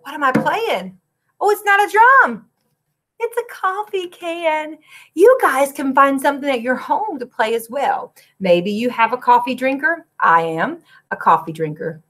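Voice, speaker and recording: A woman's voice: high voice, expressive, measured pace, fairly bright tone. A woman music teacher, recording a lesson for young children from her classroom, clapping and chanting rhythms and breaking into short sung lines.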